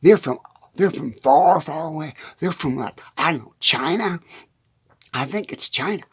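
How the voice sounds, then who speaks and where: A man's voice: a little high, lively intonation, moderate pace, a bit bright, breathy edge. A man rambling through a comic monologue in a hot, dusty shed. He giggles through his words and keeps stumbling over them. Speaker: country comedian.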